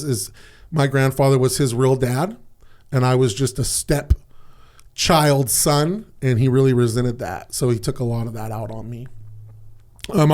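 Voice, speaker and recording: A man's voice: medium pitch, a little mellow. A man in a mid-range voice tells personal stories on a podcast, speaking frankly and casually. He swears freely and peppers his talk with "man" and "dude". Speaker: podcast guest.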